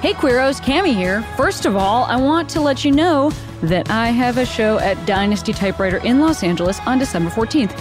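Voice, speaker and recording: A woman hosting a podcast, chatting casually and mock-yelling in playful asides while she is feeling unwell. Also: on the high side, expressive, a little fast, music in the background. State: unwell and sweaty from a stomach bug. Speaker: podcast host. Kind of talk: casual chat.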